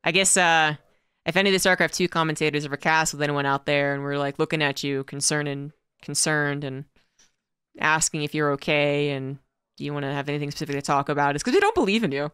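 Low smooth lady caster chatting on a podcast, laughs a lot, dry close mic. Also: fast, fairly bright tone, dry recording. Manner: playful storytelling, laughs often, acts out quotes. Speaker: esports commentator, podcast co-host. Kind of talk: casual chat.

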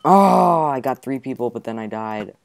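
Excitable young man commenting on gameplay. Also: mid-range voice, brisk, slight background noise. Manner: excitable, frequent exclamations. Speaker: gaming channel host.

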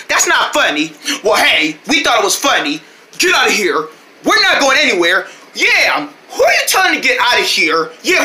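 Bright animated young-sounding voice. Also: mid-range voice. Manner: squabbling, playground taunts and pleading.

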